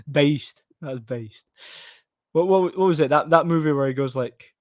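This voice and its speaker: A man's voice: a little high, moderate pace, darkish tone, no room sound. Rambling streamer man, dry sound. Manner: rambling, laughs often, answers chat. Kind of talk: casual live chat.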